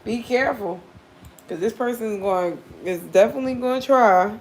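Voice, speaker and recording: A woman's voice: on the high side, moderate pace. A woman giving a casual live tarot reading for viewers, blunt and profane, often laughing as she talks. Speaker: tarot reader.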